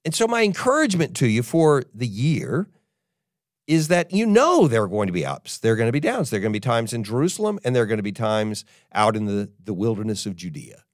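An older man preaching a sermon, telling a personal story in an animated way and acting out what people say. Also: mid-range voice, a little fast, no echo, studio quality. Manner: animated storyteller, acts out quotes. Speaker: pastor.

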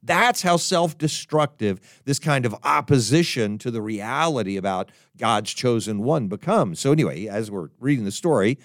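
A man preaching a sermon, emphatic and animated, often stumbling and restarting his words. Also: mid-range voice, normal speed, hardly any pauses, no echo, studio quality. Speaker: pastor.

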